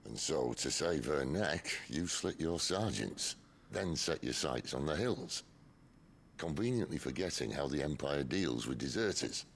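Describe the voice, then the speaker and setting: An actor playing a wry middle-aged outlaw leader in a video game, easygoing and dry. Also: male voice, very deep voice, lively intonation, unhurried, gravelly, slight background noise, full character voice. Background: game music.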